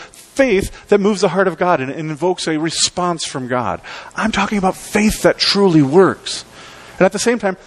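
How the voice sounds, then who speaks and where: Guy preaching a sermon, chatty but emphatic, pitch all over, kinda high voice. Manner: conversational, emphatic, dramatic pauses. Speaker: pastor.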